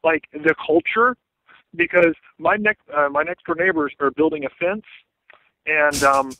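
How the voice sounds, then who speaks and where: A man's voice: a little high, a little slow, narrow, tinny audio, a little hiss or hum. A man from Texas calling in by phone from outside his home as a comedy correspondent, rambling and joking in a mock-aggrieved way. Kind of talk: casual phone chat. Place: outdoors at home. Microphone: phone call.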